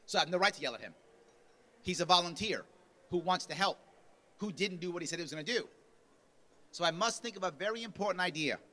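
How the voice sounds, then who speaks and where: A man's voice: high voice, expressive, fast talker, pauses often, bright, forceful tone. A man giving a punchy motivational speech at a party convention, acting out quotes with a raised voice. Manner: punchy, acts out quotes with rising volume. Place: convention lunch hall.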